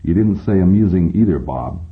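A man lends his voice to a patient robot psychoanalyst who speaks softly and probes with calm questions. The voice sits very low. It comes through thin and tinny, like a phone line. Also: moderate pace. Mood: probing. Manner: calm, soft-spoken, probing. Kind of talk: audiobook reading.

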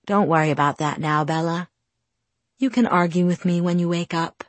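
A woman voicing a calm, gently teasing young male vampire, reading him in a low, soothing voice. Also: normal speed, no room sound, natural voice.

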